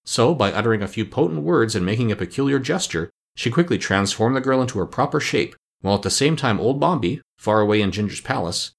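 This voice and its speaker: A man narrating a classic children's storybook in a measured, even reading. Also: medium pitch, vocal fry. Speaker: audiobook narrator. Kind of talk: scripted narration.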